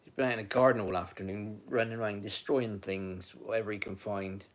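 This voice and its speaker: A man's voice: on the low side, fairly even intonation, brisk. A man chatting casually on a live stream from home, rambling and talking to viewers and his dog.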